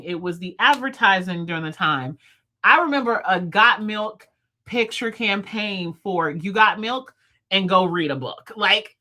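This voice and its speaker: A woman in her thirties hosting a livestream, chatting casually with viewers, fast-talking and playful. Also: mid-range voice, pushed and bright. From United States. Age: 30s. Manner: talks fast, chatty and playful, laughs often. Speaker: livestream host. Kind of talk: casual live chat with viewers. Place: at home, in bed.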